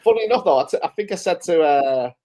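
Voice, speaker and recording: A man's voice: on the high side, expressive, fast, warm tone, a little hiss or hum. A man hosting a live-stream recap, chatting casually, swearing freely and chuckling through his stories. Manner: loose, swearing, chuckling storyteller. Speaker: host.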